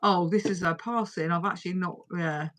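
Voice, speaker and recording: A woman's voice: lowish voice, fairly even intonation, normal speed, fairly bright tone. A woman hosting a livestream and chatting casually, talking bluntly and swearing freely. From United Kingdom. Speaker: livestream host. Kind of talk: casual chat.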